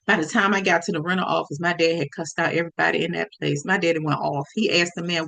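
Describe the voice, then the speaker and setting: Lively woman telling a story. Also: lowish voice, fast talker, creaky, hardly any pauses. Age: adult. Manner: lively, speaks straight to listeners. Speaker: podcast storyteller. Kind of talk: storytelling podcast.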